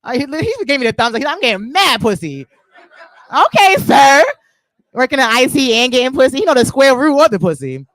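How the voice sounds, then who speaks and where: A woman's voice: sits high, very animated, fast, a bit bright, no echo. A woman doing a stand-up comedy set on a club stage, crude and loose, teasing the crowd, with a New York accent.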